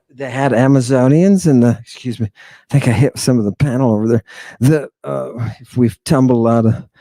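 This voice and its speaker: A man's voice: medium pitch, warm tone, no room sound. A man giving a casual, irreverent lecture, joking and cutting himself off mid-thought. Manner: irreverent, joking, talks over himself and restarts.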